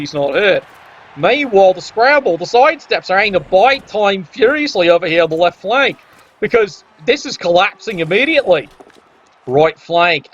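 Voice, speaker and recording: A man with a high, slightly bright voice offers wry, sarcastic play-by-play commentary on a tabletop sports video game. The audio is dull and lo-fi.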